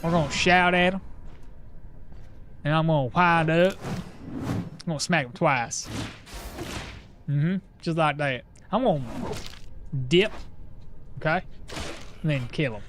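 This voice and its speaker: A man's voice: on the high side, slow pace, pauses often, noisy background. A man putting on a goofy, bumbling Southern-drawl persona while playing a game, folksy and grumbling. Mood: scheming. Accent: put-on American Southern. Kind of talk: playful accent put-on during gameplay.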